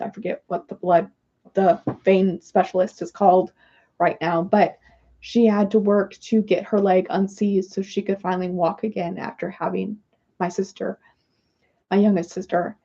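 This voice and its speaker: A woman's voice: medium pitch, level tone, moderate pace, gravelly, dark tone, muffled recording. A woman hosting a casual livestream, chatting in a rambling, apologetic way while she works through oracle cards. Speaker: livestream host doing oracle card readings.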